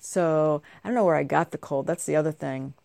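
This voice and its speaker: Chatty, congested woman with a low voice. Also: a little fast, creaky, a little mellow, no echo. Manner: bubbly, chatty, wandering asides. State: congested, nasal from a cold. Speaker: vlogger. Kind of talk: casual chatty monologue.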